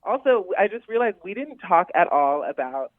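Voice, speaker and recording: A man talks about his film in an effusive, giggly way, rambling from thought to thought. He comes through a thin, phone-like line. His voice sits a little higher than most men's. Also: big pitch swings, normal speed, dry recording. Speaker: actor in the film, interview guest. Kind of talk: casual interview.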